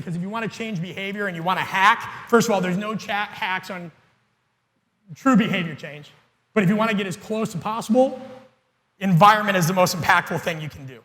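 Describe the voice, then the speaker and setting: Blunt, bright-voiced man lecturing coaches. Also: high-pitched. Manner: blunt, energetic, profane storytelling. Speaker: keynote speaker and coach. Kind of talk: seminar talk to coaches. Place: conference hall. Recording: long hall reverb.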